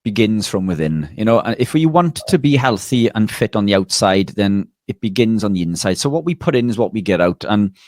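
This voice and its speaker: A man, a nutritionist and bodybuilder, telling a lively anecdote in a casual interview, often restarting his sentences. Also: lowish voice, fairly quick, few pauses, dry recording, clean studio sound.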